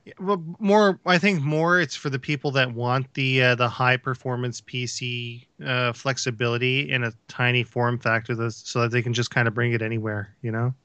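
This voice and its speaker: A man's voice: mid-range voice, steady tone, normal speed, few pauses, sharp tone, smooth, no room sound. A man co-hosting a casual podcast, explaining his view with some restarts.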